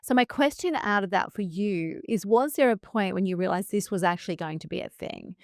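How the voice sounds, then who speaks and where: Middle-aged woman host, smooth clear tone, dry close sound, chatty storyteller. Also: medium pitch, brisk, dry recording. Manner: storytelling, acts out quoted voices. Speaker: podcast host. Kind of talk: conversational interview.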